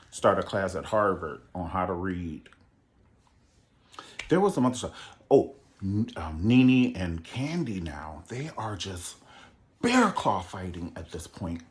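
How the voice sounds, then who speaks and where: A man's voice: deep voice, expressive, takes it slowly, pauses often. A man giving a sassy, theatrical solo recap of a reality show, acting out quotes with big jumps in his voice. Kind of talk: animated solo commentary.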